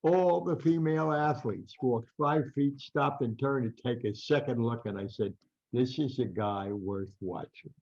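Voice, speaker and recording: A man's voice: mid-range voice, unhurried, darkish tone. An older man with a New Jersey accent, a boxing writer telling rambling anecdotes in an interview and acting out the quotes. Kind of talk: storytelling interview. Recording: dull lo-fi podcast audio.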